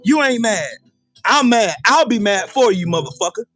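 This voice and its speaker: A man's voice: high voice, expressive, normal speed, fairly bright tone, faint music behind. A man hosting a livestream, in a furious, profane political rant, taunting viewers with repeated questions. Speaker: livestream host.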